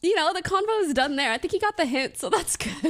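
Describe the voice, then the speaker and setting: Young woman streamer, high and lively voice, giggly casual storytelling to her chat. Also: brisk. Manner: giggly, animated storytelling with lots of laughter.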